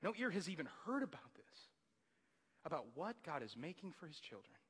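A man in his thirties preaching a sermon, animated and jokey, often rising into loud excited outbursts. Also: on the high side, moderate pace, slightly rough. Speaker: pastor. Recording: long hall reverb.

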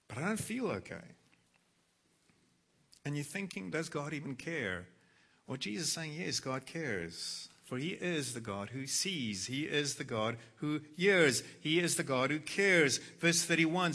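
A man preaching a sermon, reading scripture aloud and moving between hushed, quiet passages and loud, emphatic quoted lines. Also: a little high, sing-song, measured pace, slightly rough. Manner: dramatic, swings from hushed to loud when quoting scripture. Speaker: pastor.

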